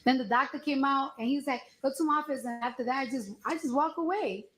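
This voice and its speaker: Animated woman testifying in an echoey courtroom. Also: high voice, quick pace. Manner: animated, slangy retelling with acted-out quotes. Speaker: trial witness testifying. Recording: echoey courtroom with faint noise.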